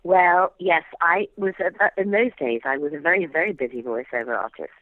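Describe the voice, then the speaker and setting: An older woman with a received pronunciation accent, telling stories as an actress guest in an interview, animated and quick to drop into character voices. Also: fairly low pitch, no room sound. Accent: English received pronunciation. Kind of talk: anecdotal interview chat. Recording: dry phone-like line.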